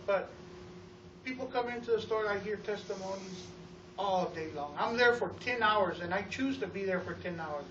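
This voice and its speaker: A man giving an energetic testimonial to a live audience about running his store, telling stories with acted-out quotes and often repeating words. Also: high voice, noisy background. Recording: roomy, distant, dull sound.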